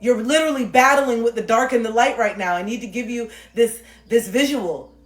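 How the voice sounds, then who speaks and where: Fairly high-pitched and fairly quick, this livestreamer preaches spiritual life advice with intensity, cursing freely and hammering phrases through repetition. The passionate motivational monologue is recorded in an echoey room where faint music plays.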